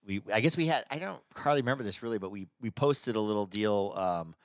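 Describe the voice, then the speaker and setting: A man's voice: fairly low pitch, lively intonation, fast talker, dry recording, clean studio sound. A man with a nasal voice co-hosting a podcast, chatting casually and rambling through his stories. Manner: rambling, restarts his thoughts. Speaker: podcast co-host. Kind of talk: casual chat. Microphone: studio mic.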